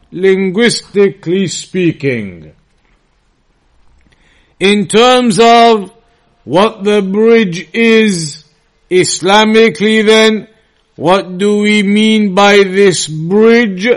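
A man giving an Islamic lesson, repeating key phrases and putting questions to the listeners. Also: high-pitched. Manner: recites Arabic quickly and quietly between English explanation. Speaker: Islamic teacher. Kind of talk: slow, deliberate religious lesson.

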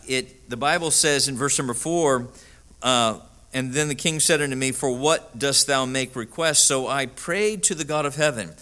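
Male pastor, sermon storyteller, bright forward tone, filler-heavy delivery. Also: medium pitch. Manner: storytelling with many "uh" fillers, rising to emphatic peaks.

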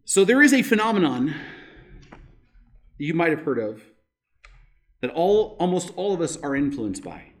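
A man's voice: a little high, very animated, measured pace, long pauses. A male pastor preaching a sermon in a conversational way, often checking in with rhetorical questions.

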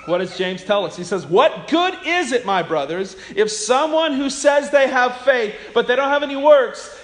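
Pastor guy preaching, high voice, gets loud then quiet, keeps repeating himself. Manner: impassioned preaching, swings between hushed and loud; repeats words and restarts lines. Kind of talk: sermon.

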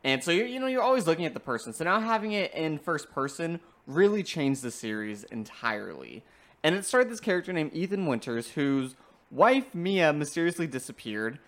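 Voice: medium pitch, sing-song, moderate pace, fairly bright tone. Enthusiastic podcast co-host recapping a game. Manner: enthusiastic recapping, frequent fillers. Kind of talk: casual game review chat.

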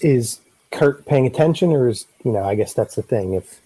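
A man's voice: mid-range voice, lively intonation, moderate pace, warm tone, husky, poor audio. A man narrating as game master of a tabletop game, rambling with many fillers and restarts.

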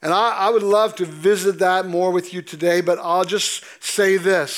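A man preaches a sermon from the pulpit of a church, pacing his words slowly and stretching out the lines he quotes from scripture for weight. His voice sits high for a man. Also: steady tone. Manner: slow, deliberate preaching with emphatic drawn-out scripture quotes. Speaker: pastor. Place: church sanctuary.

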